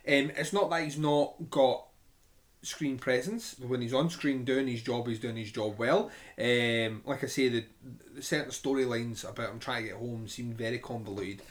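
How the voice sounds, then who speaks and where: A man's voice: medium pitch, normal speed. A man co-hosting a casual film review chat, talking in long rambling runs with many restarts. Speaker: film podcast co-host.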